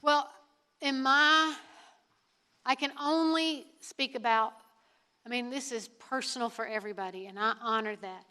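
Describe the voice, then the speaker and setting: A woman's voice: a little high, unhurried, pushed and bright, smooth. A middle-aged woman, a priest and nonprofit leader, answering questions on stage with earnest, emphatic storytelling. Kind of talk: live Q&A talk on stage.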